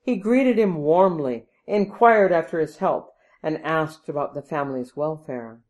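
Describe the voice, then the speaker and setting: A woman narrating a storybook in a measured, even way. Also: low voice. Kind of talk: storybook reading.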